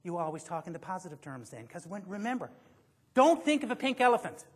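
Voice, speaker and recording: A man's voice: high-pitched, big pitch swings, fast. A man giving a motivational seminar to a live audience, joking and quizzing the listeners as he goes. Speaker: motivational speaker.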